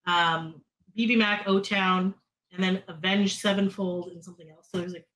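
On poor audio, a Canadian woman co-hosting a podcast recounts a story in chatty style with many fillers, mimicking other people in higher voices. Her tone is steady and slightly bright, at a moderate pace.

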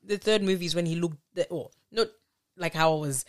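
A woman's voice: fairly low pitch, brisk. A woman co-hosting a casual podcast chat, talking animatedly, laughing often and reading passages from a book aloud. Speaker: podcast co-host.

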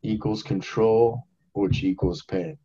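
Reflective male host, husky and lo-fi. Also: on the low side, fairly even intonation, dark tone. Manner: reflective, repeats the guest's words back slowly. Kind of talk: podcast interview.

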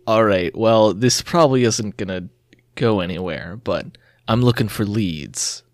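A man voicing a weary, hard-boiled detective in a low, flat tone in a tabletop game. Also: unhurried, no echo, studio quality, natural voice. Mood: grim. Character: gruff, weary male detective.

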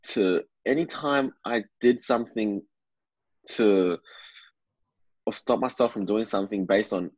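A man with a very deep, husky voice muses in a relaxed podcast conversation, often circling back on his words as he thinks aloud. He sounds motivational rather than loud. The recording is dry and a little dull, with no room sound. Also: measured pace, long pauses, no echo. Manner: reflective, motivational, repeats words while thinking. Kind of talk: casual podcast chat.

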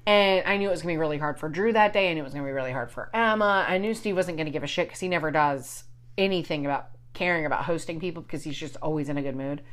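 A woman in her forties telling a long, rambling personal story in casual chat, swearing often and restarting her sentences. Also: fairly low pitch.

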